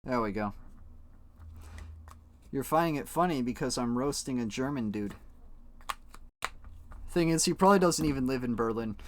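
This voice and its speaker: A man's voice: medium pitch, expressive, moderate pace, long pauses, a little hiss or hum. A young man streaming, chatting casually to his viewers while coloring flags, rambling, joking and swearing freely. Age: young adult. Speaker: live streamer.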